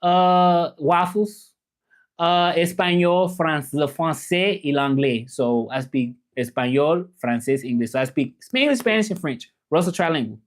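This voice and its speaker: A male livestreamer who teaches languages talks casually with his audience, reading their comments aloud in a Southern US accent. His voice is a little high, and his pace is measured.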